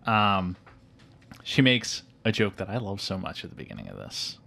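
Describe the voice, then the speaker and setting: Man, podcast host, lively pitch, casual film chat. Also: moderate pace, creaky. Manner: animated, recounts scenes acting out characters' lines.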